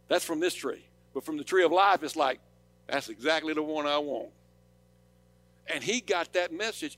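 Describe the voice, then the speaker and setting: A man with a Southern accent preaching a sermon, rising to loud, urgent declarations and dropping to quiet storytelling. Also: a little high. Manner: impassioned, swings from loud preaching to soft storytelling. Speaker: pastor.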